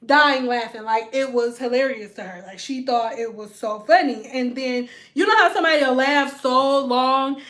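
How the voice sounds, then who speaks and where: A hairstylist from telling a storytime vlog, animated and slangy, often slipping into other people's voices. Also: female voice, sits high, normal speed, few pauses, echoey room. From Detroit.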